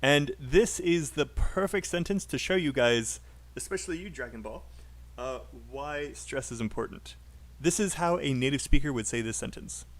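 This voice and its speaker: A man's voice: medium pitch, normal speed. A British man who teaches English in a live online class, upbeat and explaining, modelling sentences aloud for his students.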